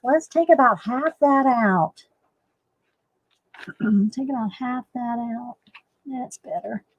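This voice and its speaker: A woman's voice: a little high, slow pace, husky, dry recording, muffled recording. A woman chatting casually to viewers while painting in a live art demo. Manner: chatty, laughs often, talks to viewers.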